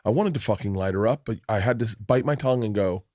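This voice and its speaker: A man's voice: fairly low pitch, fast, a little mellow, no echo, clean studio sound. A middle-aged man hosting a podcast, telling stories in a rambling, restart-filled way with plenty of swearing. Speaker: podcast host. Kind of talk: casual chat.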